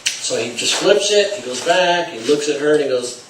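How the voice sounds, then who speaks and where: A man's voice: a little high, expressive, normal speed, fairly bright tone, slight background noise. A man teaching salespeople through a story, acting out the dialogue with swings in volume. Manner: acts out dialogue with shifting volume. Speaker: sales trainer. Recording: roomy, distant mic, faint ambience.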